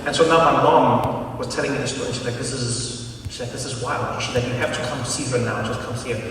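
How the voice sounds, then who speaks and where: A man's voice: medium pitch, brisk, slight background noise. A man in his thirties with a South African accent, telling a stand-up story to a live audience and acting out the voices of the people in it. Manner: animated storyteller, acts out voices. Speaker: stand-up comedian. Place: large theatre. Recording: echoey theatre recorded from far off. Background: laughing audience.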